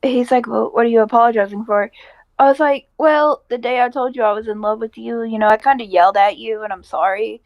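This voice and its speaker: A woman's voice: a little high, fairly even intonation, fairly quick, hardly any pauses, dry recording. A woman co-hosting a casual podcast, bluntly retelling a story with quoted dialogue and swearing. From American Midwest. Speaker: podcast co-host.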